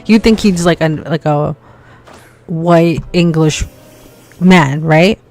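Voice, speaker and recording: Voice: mid-range voice, takes it slowly, a little mellow. A streamer chatting casually while gaming, telling stories with lots of "like" fillers. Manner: chatty storyteller, heavy use of "like".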